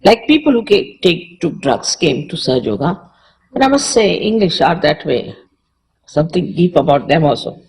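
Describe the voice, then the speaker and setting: A woman's voice: sits low, big pitch swings, moderate pace, a little mellow, low-quality recording. A woman from India with an Indian accent, speaking as a spiritual teacher in a public lecture, conversational and repeating short phrases for emphasis.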